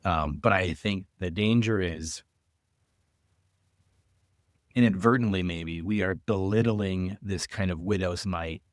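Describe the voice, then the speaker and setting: Low-voiced man in a thoughtful podcast chat. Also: normal speed, dry recording, clean studio sound. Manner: thoughtful, hedging with fillers and restarts. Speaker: fundraising coach. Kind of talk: casual podcast discussion.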